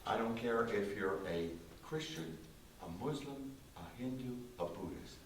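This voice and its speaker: Man, church testimony, emphatic, slow and repetitive, echoey church, faint hiss. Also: medium pitch, expressive. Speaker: concert pianist giving a testimony. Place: small church. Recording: roomy distant church recording with faint hiss.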